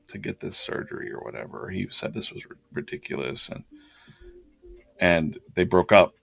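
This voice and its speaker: A man's voice: deep voice, creaky. A man hosting a drawing challenge, casually telling a rambling personal story and acting out the dialogue. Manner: rambling, animated retelling with quoted dialogue.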